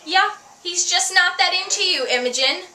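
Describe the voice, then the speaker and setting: A woman's voice: very high-pitched, animated, moderate pace, echoey room, noisy background. A woman co-hosting a casual fan recap, gushing and emphatic. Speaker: show recap co-host.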